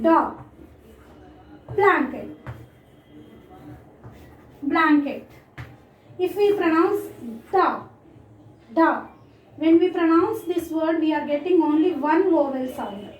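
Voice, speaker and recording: A woman's voice: sits high, a little mellow, echoey room, distant mic, poor audio. A woman teaching a class of children, speaking English with an Indian accent, repeating words and calling the class "children" again and again. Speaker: school teacher. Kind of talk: online English lesson.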